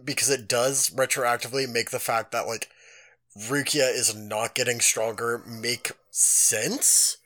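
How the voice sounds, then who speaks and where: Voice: medium pitch, animated, slow, fairly bright tone. A podcast co-host in casual chat who stammers and laughs a lot.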